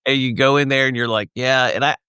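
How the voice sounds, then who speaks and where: A middle-aged man in casual podcast chat, telling animated stories and acting out the voices of other people. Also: mid-range voice, fast talker, clear, resonant tone, no echo, clean studio sound. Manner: animated storyteller acting out quoted dialogue. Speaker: podcast co-host or guest.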